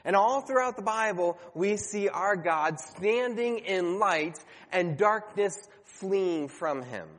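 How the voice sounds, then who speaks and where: A man's voice: high voice, expressive, slow, hardly any pauses, a bit bright, big-room sound. A man preaching a sermon to his congregation, earnest and conversational, sometimes stumbling and correcting himself.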